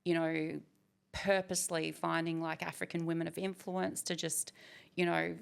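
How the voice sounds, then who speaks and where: A woman's voice: deep voice, flat delivery, moderate pace, vocal fry, clear, resonant tone. A woman in her forties, a guest speaking candidly and reflectively in a conversational interview. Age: 40s. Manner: reflective, candid, with frequent fillers.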